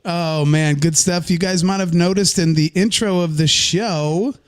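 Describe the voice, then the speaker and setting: A man co-hosts a livestreamed podcast and chats casually. His voice sits slightly high, and he keeps up a joking, teasing banter with his co-host. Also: a little slow.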